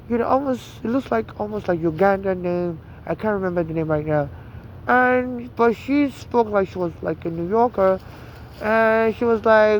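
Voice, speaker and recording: A man with a Nigerian accent telling a long story in an agitated, rambling way, full of restarts and "you know". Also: sits high. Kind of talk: casual storytelling monologue. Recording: dull lo-fi outdoor recording with traffic.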